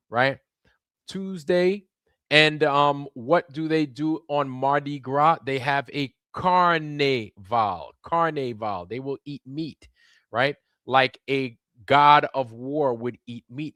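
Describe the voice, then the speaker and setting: A man's voice: mid-range voice, a bit bright, no room sound, clean studio sound. A man hosting a casual livestream, rambling and repeating words while checking in with viewers. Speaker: livestream host.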